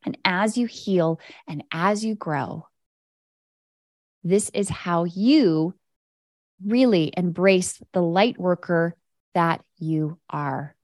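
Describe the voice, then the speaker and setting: A woman with a fairly low, slow, darkish voice hosts a spiritual coaching podcast, guiding listeners through inner-child work in a soothing, direct and casual way. She's a podcast host and energy coach, and the clean studio recording has no room sound.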